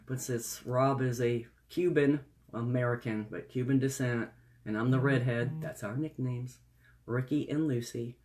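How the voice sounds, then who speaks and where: A woman's voice: rumbling low, a little mellow. Chatty, gushing woman on a live stream. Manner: gushing and exclamatory, laughs often; rambling, jumps from topic to topic. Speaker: live streamer greeting viewers. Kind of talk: casual live-stream chat.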